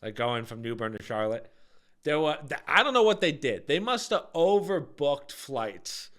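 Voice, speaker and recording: A man's voice: fairly high pitch, big pitch swings, moderate pace, a bit bright. A man co-hosting a podcast, telling a rambling travel story in casual chat and laughing often. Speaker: podcast co-host.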